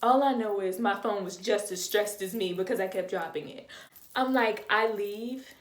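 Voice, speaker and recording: A young woman tells a storytime vlog in a lively, dramatic way, acting out what people said and adding sound effects. Her voice sits at a middle pitch. The room around her sounds echoey. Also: normal speed. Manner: animated, dramatic retelling with sound effects and acted-out quotes. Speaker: vlogger.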